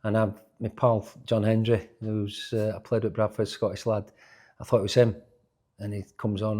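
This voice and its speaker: A man, a former footballer telling animated stories in an interview, often restarting his sentences. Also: fairly low pitch, moderate pace. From Yorkshire, England. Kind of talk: casual interview storytelling.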